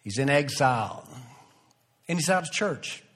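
Man, pastor, sermon, slow delivery, earnest, swelling emphasis. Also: medium pitch, expressive, a bit bright, husky.

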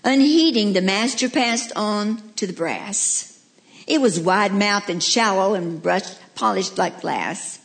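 A woman's voice: medium pitch, slow, creaky. A woman preaching a heartfelt sermon as a radio preacher, telling stories and reading a poem. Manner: storytelling, heartfelt.

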